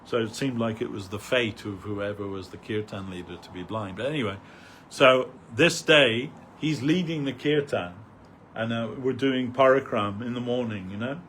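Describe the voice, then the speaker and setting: A man's voice: medium pitch, normal speed, hardly any pauses, fairly bright tone, a little hiss or hum. An older man giving a rambling, anecdotal remembrance talk as a devotee speaker at a temple festival, with many fillers, restarts and chuckles.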